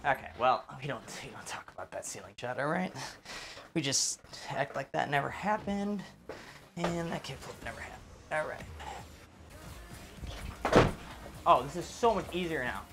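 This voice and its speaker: Animated young male gamer, lots of yelling. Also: a little high, moderate pace, pauses often, over music. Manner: excitable, swears a lot, yells at misses. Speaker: gamer commentating his own play. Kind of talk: casual live gameplay commentary.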